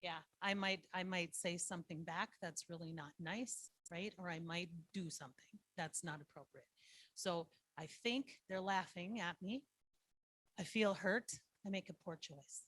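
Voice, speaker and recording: Woman, school social worker, husky, dry sound, teacherly presenter who keeps quizzing the room. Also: on the low side, normal speed, fairly bright tone, no room sound. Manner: teacherly, quizzes the audience with frequent "right?". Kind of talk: presentation to foster parents. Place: online meeting.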